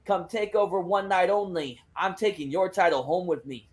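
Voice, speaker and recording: Man doing brash loud female wrestler. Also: sits high, normal speed, lightly acted. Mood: defiant. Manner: shouting crowd-pumping promo with Spanish exclamations.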